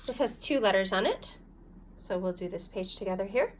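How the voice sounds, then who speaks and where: A woman's voice: mid-range voice, expressive, moderate pace, slight background noise. A woman teaching a recorded phonics lesson, guiding learners patiently step by step and sounding out syllables. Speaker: language teacher.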